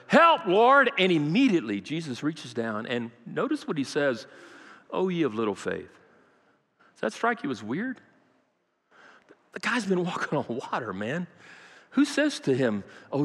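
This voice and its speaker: Fervent male preacher in a reverberant church. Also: a little high. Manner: dramatic storytelling with acted quotes, rising to loud peaks; joking asides to the congregation. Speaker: pastor. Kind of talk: sermon. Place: church sanctuary. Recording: long reverb of a large church.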